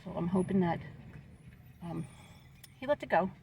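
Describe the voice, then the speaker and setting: Upset woman venting with a gravelly voice. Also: lowish voice, expressive, normal speed, warm tone, slight background noise, rough recording. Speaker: vlogger. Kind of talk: casual storytelling vlog.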